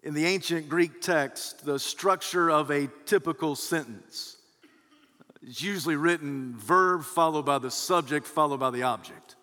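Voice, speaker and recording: A man's voice: fairly high pitch, measured pace, pushed and bright. A male pastor giving an emphatic sermon, swelling and dropping his voice for emphasis, in a large church. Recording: long hall reverb.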